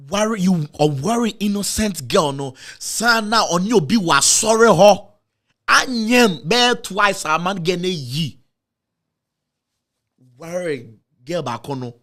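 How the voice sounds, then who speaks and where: Speaking at a measured pace in a slightly bright voice with big pitch swings, a Ghanaian-accented man recounts a personal story full of emotion. He goes over the same points repeatedly, his pitch rising and falling dramatically, and mixes Twi phrases into his English.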